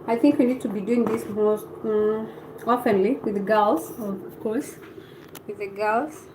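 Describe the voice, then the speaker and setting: A woman's voice: medium pitch, a little slow, background noise. A woman from Kenya with a Kenyan accent, hosting a casual live stream and chatting back to viewer comments.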